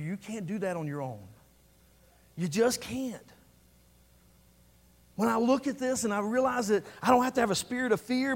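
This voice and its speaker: Fervent high-voiced male preacher. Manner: fervent, repeating phrases for emphasis. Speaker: pastor. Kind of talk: sermon.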